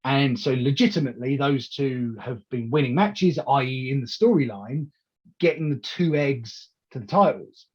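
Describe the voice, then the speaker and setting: A man in casual interview chat as a wrestling promoter, telling animated stories full of restarts and acted-out quotes. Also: mid-range voice, moderate pace, slightly rough, muffled recording. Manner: animated storyteller who acts out quoted lines, with many restarts.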